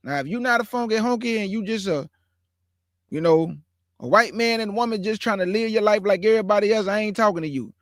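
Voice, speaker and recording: Speaking briskly in a high-pitched voice, a man hosts his own online show in clean studio sound without room echo. His live commentary to viewers is emphatic and repetitive, with words drawn out for effect.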